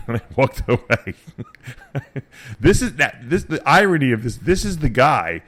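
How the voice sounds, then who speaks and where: A man's voice: medium pitch, big pitch swings, moderate pace, fairly bright tone. A middle-aged man hosting a radio show, telling rambling stories in casual, profane chat.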